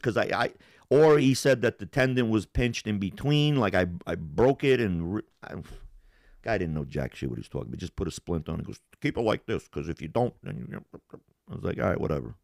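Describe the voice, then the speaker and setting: A man's voice: on the low side, animated, fast talker, creaky, dry recording, studio quality. A young man on a live stream telling a long, profane story in a casual, rambling way. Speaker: podcast co-host.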